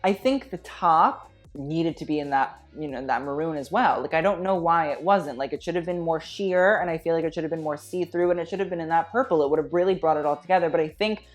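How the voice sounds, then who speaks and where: A woman's voice: low voice, brisk, few pauses. A woman giving casual fashion commentary, blunt and opinionated with a slangy way of talking, with faint music behind. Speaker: fashion critic vlogger.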